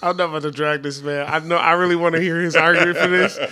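A man's voice: on the high side, level tone, quick pace. A man in casual chat, using a lot of slang and laughing often as he talks. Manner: slangy, laughing, trailing off quietly.

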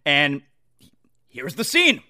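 A man hosting a sports talk show, rambling in an animated, casual monologue and often repeating himself. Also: a little high, takes it slowly, background noise.

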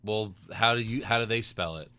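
A man's voice: on the low side, fairly quick, pushed and bright, smooth. A man hosting a casual podcast, teasing his co-hosts with crude jokes. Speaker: podcast host.

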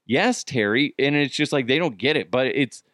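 A man's voice: mid-range voice, lively intonation, normal speed, a bit bright, no room sound, clean studio sound. A middle-aged man hosting a podcast, telling casual stories with swearing and laughter and acting out the voices of the people in them. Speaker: podcast host. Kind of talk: casual storytelling monologue.

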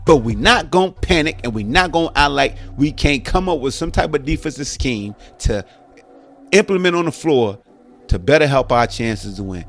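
A man hosting a sports podcast, talking in an animated, slangy monologue with loud and soft swings, faint music behind him. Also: mid-range voice, normal speed. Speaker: podcast host.

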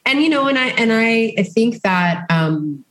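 Podcast co-host, mid-pitched voice, talks in rambling, restarting stretches. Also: expressive, unhurried, fairly bright tone, rough recording. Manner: chatty, rambling with many restarts. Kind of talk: casual chat.

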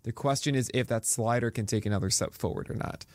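A man's voice: mid-range voice, dry recording. A man co-hosting a casual baseball podcast, rattling off stats and cracking jokes. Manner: stat-heavy, jokey, quick to laugh. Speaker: podcast co-host, pitcher analyst. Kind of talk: casual fantasy baseball chat.

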